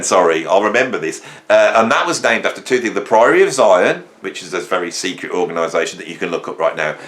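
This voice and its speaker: A man's voice: low-pitched, very animated, fast talker, hardly any pauses, fairly bright tone. A man from England hosting a rambling comic monologue, joking and telling stories with sudden jumps in his voice. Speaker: host.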